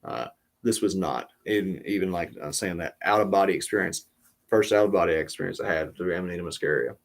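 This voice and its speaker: A man hosting a podcast, telling a casual story in a rambling way with many pauses and restarts. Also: sits low. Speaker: podcast host.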